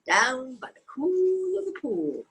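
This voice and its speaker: A woman's voice: huge pitch swings, slow pace, a bit bright, slight background noise, heavily acted. A woman doing a squealing, gleeful little frog. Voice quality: squealing high cries.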